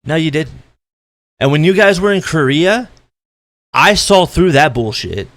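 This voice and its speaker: A man ranting bluntly in an opinion vlog, exasperated and profane, swinging between loud outbursts and tired, quieter stretches. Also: a little high, expressive, unhurried, no echo. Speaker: esports commentator.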